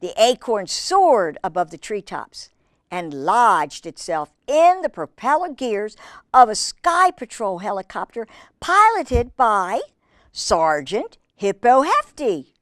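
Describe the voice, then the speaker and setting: A woman with a higher voice reads a picture book aloud to children at a slow pace, exclaiming and chatting with the kids about the pictures. She's an animated storytime reader, and the recording is clean studio sound with no room tone.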